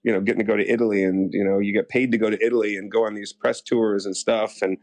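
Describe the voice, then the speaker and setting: A man's voice: on the low side, little pitch movement, quick pace, darkish tone, dry recording. A young American man, a soap actor, telling stories in a casual interview, rambling with lots of fillers and acting out quotes. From United States. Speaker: soap opera actor guest.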